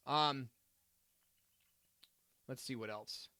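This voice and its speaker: A man's voice: medium pitch, drawn-out words, sharp tone, dry recording, clean studio sound. A man hosting a live stream, reading out viewer comments and answering them in a chatty, upbeat way with lots of fillers and asides.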